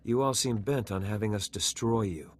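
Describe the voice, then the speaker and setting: A man's voice: fairly low pitch, moderate pace, natural voice. An actor playing a proud, zealous male Jedi Knight in a video game, who speaks in a righteous, combative way.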